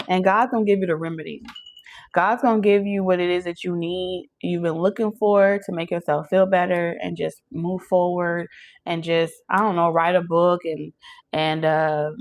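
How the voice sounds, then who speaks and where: A young woman giving a casual channeled tarot reading, chatty and emphatic, often checking in with "okay?". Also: on the low side. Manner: chatty, emphatic, addresses listeners directly with frequent "okay?". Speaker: tarot reader.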